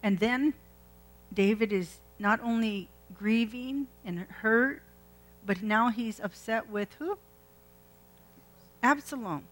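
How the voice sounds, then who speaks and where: A woman with a fairly high voice preaches slowly, leaving long pauses as she retells a scripture story in a chatty manner. She asks her congregation questions along the way, and the recording quality is low.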